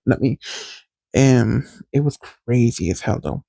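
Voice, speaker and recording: Man, casual candid storytelling, gravelly fry, dry room. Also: medium pitch, a little slow, dark tone, dry recording, low-quality recording. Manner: candid, rambling, addresses listeners directly. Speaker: podcast host.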